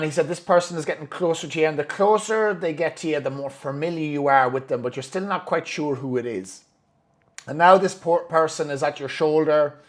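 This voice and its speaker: A man telling a personal story in a candid, profane and emotional way, acting out his own thoughts as he goes. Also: a little high.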